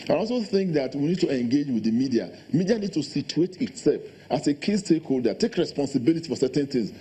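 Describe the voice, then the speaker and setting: A man, a guest in a TV studio interview, speaking quickly and insistently about policy. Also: fairly high pitch, very animated, mellow, slightly rough. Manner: fast, insistent, policy talk. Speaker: election official guest.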